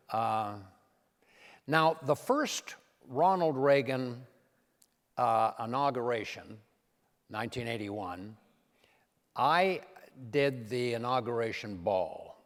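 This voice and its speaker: A man's voice: mid-range voice, vocal fry, in a large hall. An older man, a comedian and impressionist, telling stories on stage and acting out the voices in them. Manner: lively, acts out voices in his anecdotes. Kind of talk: storytelling talk on stage.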